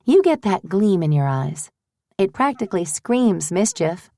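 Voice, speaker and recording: A woman's voice: fairly low pitch, sing-song, unhurried, mellow, dry recording. A woman voicing an earnest, eager young woman who works as a postal clerk. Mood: teasing.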